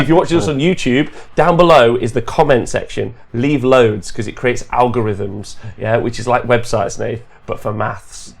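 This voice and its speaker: A man's voice: mid-range voice, gravelly. A man hosting a gaming podcast stream, chatty and rambling, laughing often and hiccuping. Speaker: podcast host. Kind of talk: casual livestream chat.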